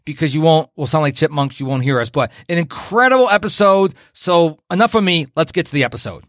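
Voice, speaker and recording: A man from upstate New York hosting a podcast, talking in a high-energy, jokey, animated way. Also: brisk, no echo. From Rochester, New York. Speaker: podcast host. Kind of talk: casual interview chat.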